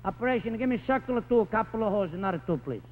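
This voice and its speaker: A man voicing a fractured-English immigrant father who shouts into a telephone. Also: high-pitched, expressive, racing. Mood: exasperated. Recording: tinny 1950s broadcast recording, faint hiss.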